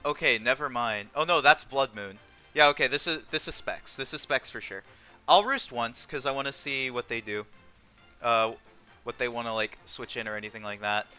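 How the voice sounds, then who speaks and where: A man's voice: mid-range voice, normal speed, sharp tone, clear, resonant tone, soft background music. A young man thinking aloud through a competitive online game match, calling his moves with frequent ums. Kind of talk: live gameplay commentary.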